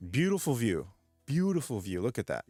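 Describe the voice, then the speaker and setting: A man's voice: medium pitch, huge pitch swings, moderate pace, darkish tone, soft background music. A young man from New York ranting in a vlog, profane and agitated, repeating himself as he talks. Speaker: vlogger.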